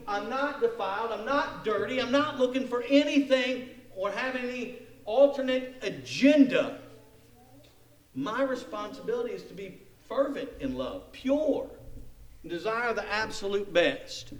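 Male pastor from Kansas, high-pitched, preaching with sudden shifts between booming emphasis and hushed asides. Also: lively intonation, measured pace. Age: adult with kids. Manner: swings between loud emphatic passages and quiet intimate asides. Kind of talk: sermon.

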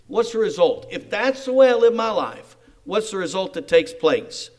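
Male pastor from Kansas, high-pitched, preaching with sudden shifts between booming emphasis and hushed asides. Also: very animated, moderate pace. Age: adult with kids. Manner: swings between loud emphatic passages and quiet intimate asides. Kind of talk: sermon.

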